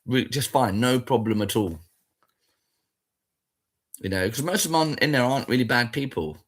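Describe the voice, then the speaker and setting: Brief: man, husky voice, blunt and foul-mouthed, rambling and repetitive. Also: mid-range voice, normal speed. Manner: sweary, blunt and rambling, repeats himself. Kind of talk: casual spoken rant.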